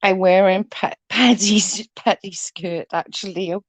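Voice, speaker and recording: A woman's voice: medium pitch, steady tone, unhurried, dry recording. A woman, congested from hay fever, chatting casually with her livestream viewers and reading out their comments, swearing freely and giggling. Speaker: livestream host reading chat. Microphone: close computer mic.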